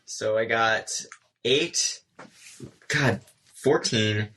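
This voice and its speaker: A man playing a tabletop game, excitable and reading his spell text aloud. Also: medium pitch, extremely slow, a little hiss or hum, low-quality recording. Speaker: player.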